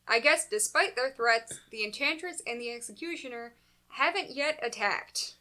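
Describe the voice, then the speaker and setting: Woman podcast host reading a comic recap, bright slightly high voice, dry snarky jokes. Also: expressive, moderate pace. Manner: dry, sarcastic asides, laughs often. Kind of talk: casual comedic recap, reads summary then riffs.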